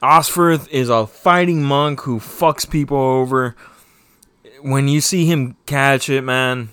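Slow-talking man reviewing a show, dry. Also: medium pitch, fairly bright tone, clear, resonant tone, no room sound. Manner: rambling, swears often, heated. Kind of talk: casual spoken TV review.

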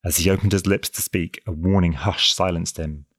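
A man narrating an old adventure novel as an audiobook, in a measured storytelling delivery. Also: low voice, steady tone, no room sound, studio quality. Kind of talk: scripted narration.

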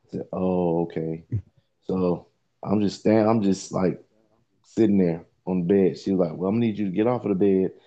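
A man's voice: deep voice, normal speed, mellow, lo-fi sound. A man telling an embarrassing story in a casual podcast chat, rambling with lots of fillers and swearing.

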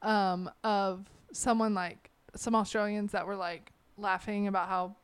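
A woman's voice: medium pitch, flat delivery, unhurried, clean tone, dry recording. Laughing American woman, dry close sound. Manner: laughing often, agreeable, teasing. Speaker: podcast co-host. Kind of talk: casual chat.

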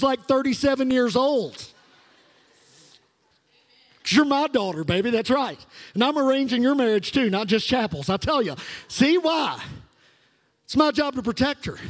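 Middle-aged pastor guy, really high voice, fired-up call and response, big echoey church. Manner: fervent call-and-response preaching. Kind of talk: sermon. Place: church sanctuary. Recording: long reverb of a large hall.

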